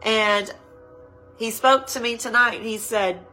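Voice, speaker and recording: Bright-voiced woman preaching with a stuffy nose. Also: on the high side, steady tone, faint music behind, rough recording. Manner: impassioned, slow emphatic preaching with repetition. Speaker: preacher leading a women's prayer livestream. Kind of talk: livestreamed sermon.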